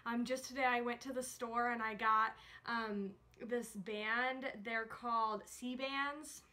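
A woman's voice: fairly high pitch, steady tone, slow, sharp tone. A young woman talking casually in a chatty vlog, with many fillers, feeling nauseous. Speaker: vlogger.

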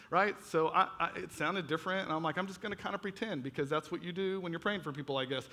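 A man with a bright, forceful voice preaches a personal testimony in a church. He tells the story with animated energy, acting out his own past reactions. His voice carries a long reverb from the large hall. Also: on the high side, a little fast. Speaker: pastor. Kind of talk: sermon testimony. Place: church auditorium.

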